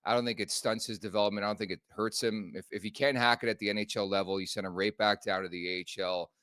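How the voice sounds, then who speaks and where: A man's voice: lowish voice, steady tone, fast talker, fairly bright tone, no echo. A Canadian man hosting a casual hockey podcast, running through team news and talking to the live chat. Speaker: podcast host.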